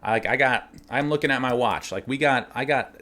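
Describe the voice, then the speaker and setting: A man casually telling workplace stories, animated, laughing now and then and acting out the lines of others. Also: medium pitch, a little fast. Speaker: winery cellar worker telling stories. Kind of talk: casual storytelling.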